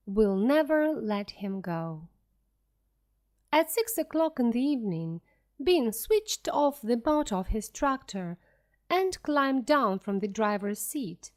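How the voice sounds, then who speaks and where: A woman reading a graded storybook aloud in a clear, expressive storytelling voice. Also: a little high.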